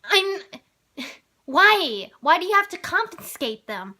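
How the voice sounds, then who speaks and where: A teenage girl vlogger with a high, bright voice rants casually and slowly about something that happened at school. She's exasperated and animated, and she swears freely.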